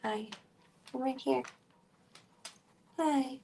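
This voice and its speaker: A woman streamer chatting casually at home, rambling and cooing softly at her pets. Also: mid-range voice, measured pace, pauses often, a little hiss or hum. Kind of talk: casual chat.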